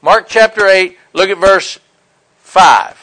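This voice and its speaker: A man's voice: high-pitched, slow pace, pushed and bright, poor audio. A middle-aged man preaching a sermon, telling stories and acting out the quoted lines. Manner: storytelling with acted-out quotes.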